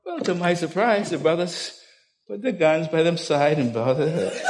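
An older man, preaching a storytelling sermon that swings from loud, laughing anecdotes to hushed intensity. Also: on the high side, normal speed.

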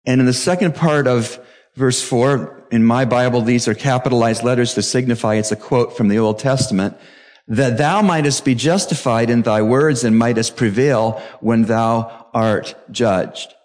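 A middle-aged male pastor preaching a sermon emphatically, jumping to sudden high exclamations. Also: normal speed, a little mellow.

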